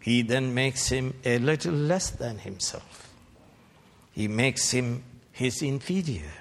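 A man preaching a fiery sermon, slow and emphatic, climbing to shouted peaks. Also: medium pitch. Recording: long reverb of a large hall.

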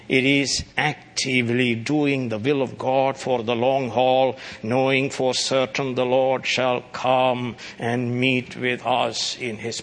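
A man preaching a sermon, breaking into sudden loud, high exclamations. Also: gravelly, a little hiss or hum. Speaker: pastor.

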